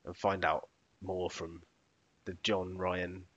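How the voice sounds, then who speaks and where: A man co-hosting a podcast, animated and quick to laugh, with rambling asides. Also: low voice, a little hiss or hum. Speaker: podcast co-host. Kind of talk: casual banter. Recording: dull lo-fi recording.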